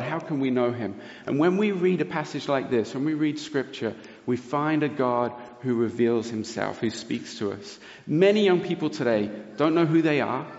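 A man gives a sermon, telling his story with earnest, lively energy. His voice sits at an ordinary middle pitch. It rings through a large, echoing hall on a dull, lo-fi recording. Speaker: preacher. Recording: roomy hall reverb, dull lo-fi sound.

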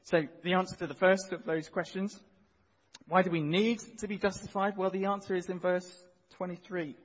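A man preaching a sermon, earnest and measured, pausing and repeating key phrases. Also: sits high, little pitch movement. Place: church hall. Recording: dull sound with long hall reverb.

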